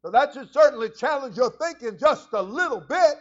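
A man preaching a sermon as senior pastor, shifting from quiet asides to loud, fervent prayer. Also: extremely high pitch, expressive, a little fast, dull audio.

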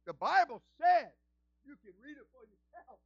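A male senior pastor delivers an animated sermon in a high voice that swings widely. He takes his time and rises to shouting exhortation. The recording sounds dull, lo-fi and dry. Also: moderate pace, vocal fry, dry recording. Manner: animated preaching, builds to shouts.

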